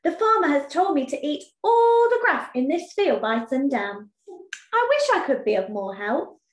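A woman's voice: sits high, big pitch swings, normal speed. A woman voicing a big male bull who is scared and makes nervous, apologetic excuses in a storybook. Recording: echoey room.

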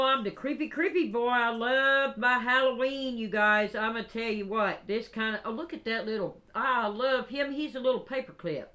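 A woman with a drawl gushes over craft gifts in a casual vlog. Her voice sits a bit high and she talks slowly, stretching out her excited exclamations. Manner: gushing, excitable, drawn-out exclamations. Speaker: crafting vlogger. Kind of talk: casual unboxing chat.

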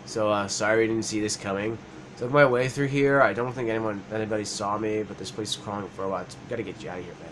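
A man voicing a sneaky rescuer friend from a video game, speaking low and quiet. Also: steady tone, fast talker, a little hiss or hum, lightly acted, poor audio. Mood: hushed.

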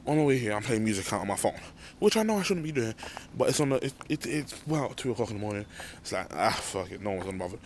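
Holding his phone while walking home through a car park at night, a young vlogger rambles through an animated late-night rant. His lowish voice is sing-song and fast, with a little hiss or hum in the recording.

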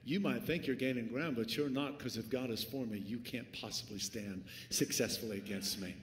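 A man preaching a sermon as pastor, swinging from hushed lines to shouts. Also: medium pitch, moderate pace. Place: church sanctuary. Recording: echoey church hall, faint ambience.

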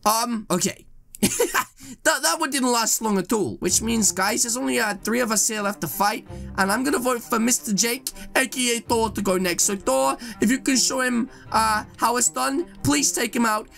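A young man giving excited gameplay commentary as a YouTube host, exclaiming and talking straight to his viewers. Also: very high-pitched, moderate pace, gravelly, soft background music. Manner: hyped, exclamatory, addresses viewers as guys. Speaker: gaming YouTuber.

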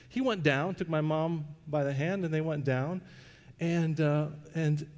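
A man's voice: on the high side, darkish tone. A middle-aged man preaching a sermon in a church, telling a personal story in a conversational way with restarts and fillers. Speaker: pastor. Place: church sanctuary. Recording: long reverb of a church hall.

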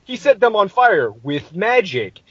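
A man's voice: high-pitched, big pitch swings, unhurried, a bit bright, husky, dry recording, muffled recording. A man hosting a podcast, telling a tabletop game story in a casual, profane and exasperated way.

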